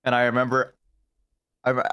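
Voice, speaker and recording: A man telling rambling stories in a casual chat, swearing and laughing loudly. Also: medium pitch, completely flat delivery, brisk, clean tone, no room sound. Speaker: guest on a stream.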